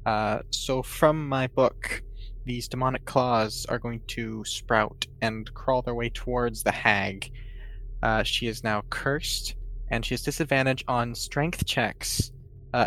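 A man plays a tabletop game with an eager, mid-pitched voice. He explains his spells and math step by step. His delivery is upbeat and engaged. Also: fairly even intonation, unhurried, a bit bright, low-quality recording. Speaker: player.

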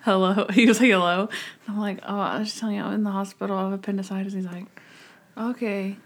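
A young woman co-hosting a podcast, chatting casually with a giggly, animated storytelling manner. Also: medium pitch, quick pace, heavy background noise. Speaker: podcast co-host. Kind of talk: casual chat, storytelling and episode review.

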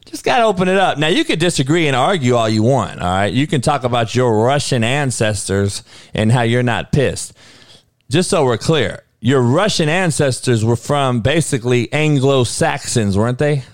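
A man's voice: mid-range voice, expressive, normal speed, dry recording, clean studio sound. Profane, fired-up man talking to his chat. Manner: heated, profane, rhetorical questioning; frequent restarts and stammered repeats. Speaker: livestream host. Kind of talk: casual livestream talk answering chat.

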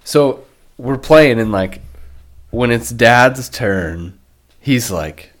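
A man's voice: medium pitch, animated, very slow. A young man co-hosting a casual podcast, joking and swearing through banter with friends. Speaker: podcast co-host. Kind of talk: casual chat.

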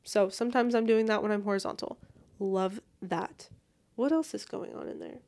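A woman's voice: mid-range voice, moderate pace, darkish tone. A young woman hosting a solo podcast, chatting in a bubbly, rambling and casual way while lying in bed at home. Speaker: podcast host.

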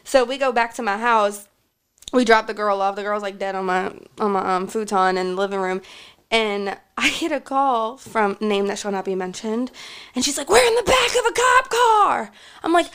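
A young woman co-hosting a podcast, telling a story in an animated, slightly tipsy way. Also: mid-range voice, moderate pace, clear, resonant tone. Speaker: podcast co-host. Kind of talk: casual storytelling chat.

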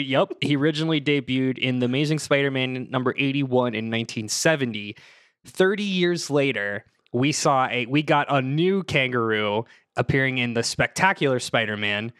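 A playful man co-hosting a comedic podcast and laughing easily between points. His voice sits at an everyday middle pitch. The recording is dry and close, with no room echo. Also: fairly bright tone. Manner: playful, laughs often, reads from notes. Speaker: podcast co-host. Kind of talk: casual comedic chat.

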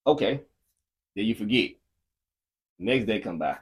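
A man co-hosting a casual faith-based podcast with his wife, telling lively everyday stories and acting out the dialogue. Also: lowish voice, measured pace, breathy edge. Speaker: podcast co-host, husband.

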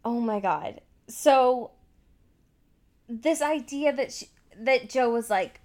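Speaking slowly in a fairly high voice, this podcast co-host walks through a TV show's scenes in a relaxed chat. Her retelling is lively, full of curse words and the filler "like."

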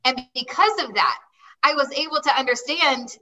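A woman's voice: high-pitched, lively intonation, moderate pace, sharp tone, far from the mic, lo-fi sound. A woman guest telling her life story in a chatty way, often quoting herself and saying "like". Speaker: interview guest. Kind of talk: personal storytelling.

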